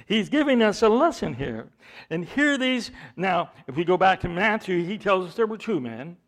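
A man preaching a sermon, asking rhetorical questions and swinging between loud emphasis and hushed asides. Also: sits high, very animated, normal speed, creaky.

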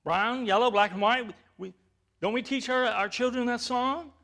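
A man's voice: very high voice, moderate pace, sharp tone. A male pastor preaching a sermon, emphatic, with rhetorical questions and rising bursts of volume.

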